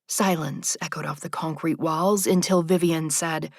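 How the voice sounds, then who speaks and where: A woman narrates an audiobook in a soft, measured storytelling manner. Her voice is low-set and breathy. The recording is dry and close. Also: fairly even intonation, no room sound.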